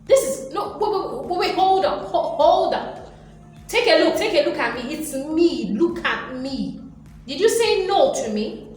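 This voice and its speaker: A woman doing an entitled, spoiled adult voice, shrill and full of outraged disbelief that anyone would refuse her. The voice sits fairly high and repeats itself. It rings out in a very echoey room. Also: lively intonation, measured pace.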